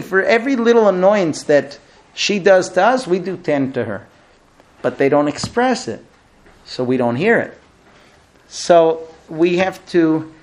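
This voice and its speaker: A middle-aged man teaching a recurring class as a rabbi, telling funny stories and acting out the quoted lines. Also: on the high side. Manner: animated storyteller, acts out quoted dialogue. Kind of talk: lively classroom lecture with humor.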